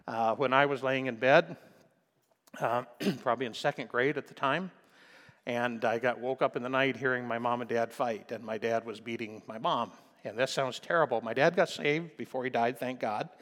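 An older American pastor from Nebraska, preaching a folksy sermon full of stories, often asking "okay?" and "amen?" and clearing his throat. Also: mid-range voice, normal speed, fairly bright tone, long reverb tail. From Nebraska, USA. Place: church sanctuary.

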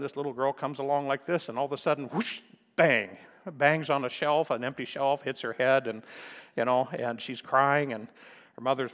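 A man's voice: medium pitch, fairly bright tone. Older male pastor, folksy storyteller, mid-range voice, reverberant church hall. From Nebraska, USA. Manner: folksy storytelling, frequent "okay?" and "amen?", clears throat often. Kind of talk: sermon. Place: church sanctuary.

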